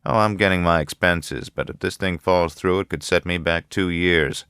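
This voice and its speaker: Guy reading as a grumbly, worried young architect, real deep voice, storybook read-aloud. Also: fairly even intonation, normal speed, fairly bright tone, clean tone, no room sound, studio quality. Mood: grave. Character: bitter anxious young male architect.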